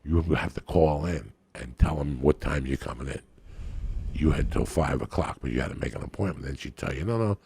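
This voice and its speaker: A man spins a rambling, profane comic story on a podcast. His voice sits very low and gravelly, with a raspy, husky edge. His delivery stays laid-back and crude throughout. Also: a little fast, darkish tone, no echo.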